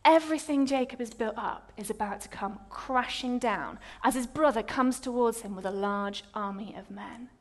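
A high-pitched woman preaches a sermon with dramatic storytelling flair. She tells her story in a lively way, using dramatic pauses.

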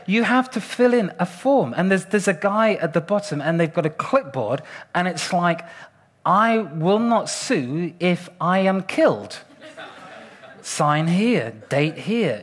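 High-voiced Englishman telling a funny stage story. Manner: playful, self-mocking, dramatic pauses. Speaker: speaker on stage. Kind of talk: humorous storytelling talk to an audience. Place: stage before a live audience.

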